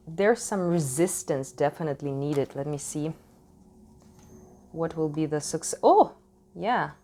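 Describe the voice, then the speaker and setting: A woman with a somewhat low voice gives a casual tarot reading at home. English is not her first language, and she searches for words as she talks. She speaks frankly into a desk microphone, swears freely and laughs often. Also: a little mellow. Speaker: tarot reader. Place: home in Switzerland.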